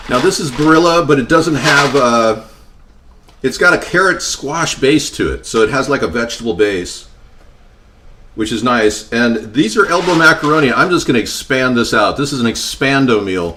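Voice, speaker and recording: A man's voice: mid-range voice, normal speed. Chatty man cooking in a noisy kitchen. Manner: chatty, with deadpan joking asides. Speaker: home cooking vlogger. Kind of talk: casual cooking demonstration. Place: home kitchen at the stove. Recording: kitchen clatter of pots and pans behind.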